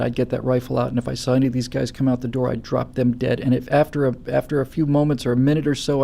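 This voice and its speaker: A man hosting a political talk show, giving impassioned commentary with stammering restarts that build to loud, forceful stretches. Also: mid-range voice, creaky. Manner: forceful, stammering restarts, rising to near-shouting. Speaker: show host.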